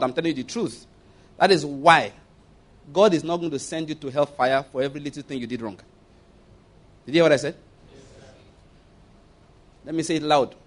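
A man preaching a sermon, telling stories and jokes with emphatic, acted-out quotes. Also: a little high.

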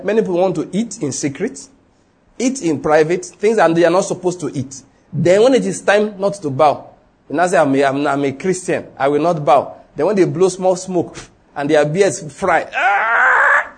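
A man's voice: sits high, moderate pace, a little mellow, husky. A man with a Nigerian accent preaching a sermon, emphatic and full of rhetorical questions, acting out the people in his story.

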